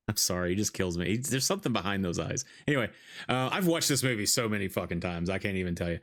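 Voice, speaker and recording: A man's voice: low voice, animated, fast, fairly bright tone. A man hosting a podcast, chatting casually while watching a film, laughing often and swearing freely. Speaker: podcast host.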